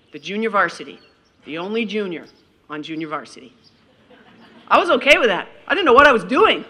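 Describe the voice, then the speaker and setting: A woman's voice: on the low side, pushed and bright. A middle-aged woman giving a graduation speech, telling stories with self-deprecating humor and calling out people in the audience. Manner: calls out audience members directly. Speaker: commencement speaker. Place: graduation ceremony.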